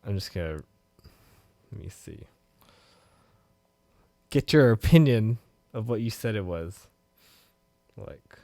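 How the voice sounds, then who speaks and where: Man, podcast co-host, casual chat, animated, swears freely, dry close sound. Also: on the low side, slow, long pauses, no echo. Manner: animated, swears freely, bursts into loud laughs.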